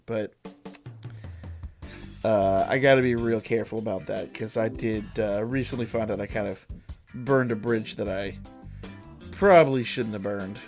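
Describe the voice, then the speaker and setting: A man's voice: mid-range voice, fairly bright tone. A man live-streaming a game, chatting casually with his viewers in a rambling, profane way and answering their messages. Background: faint background music.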